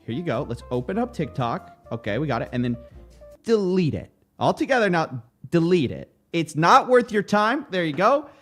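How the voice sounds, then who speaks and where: Man, young adult, host, sarcastic commentary, high voice, very expressive. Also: normal speed, soft background music. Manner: mocking, animated, jokey. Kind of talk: sarcastic commentary on video clips.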